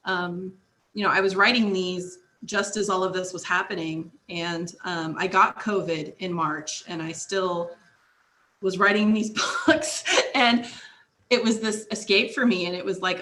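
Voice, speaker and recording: A woman's voice: fairly low pitch, steady tone, normal speed, sharp tone. A middle-aged woman, a guest author, chatting casually in an interview and laughing often between thoughts.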